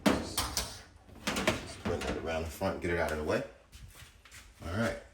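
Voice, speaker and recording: Deep-voiced man demonstrating a DIY project. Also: a little slow, echoey room, very noisy. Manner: blunt, chatty, addresses viewers directly. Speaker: DIY solar video host. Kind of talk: casual how-to demonstration. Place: house interior, laundry area.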